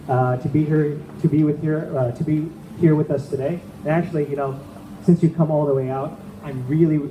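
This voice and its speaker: This man's voice is a little high and mellow as he does his amateur stand-up set at an event, chatting and checking in with the audience. The room echoes, and there's noise in the background.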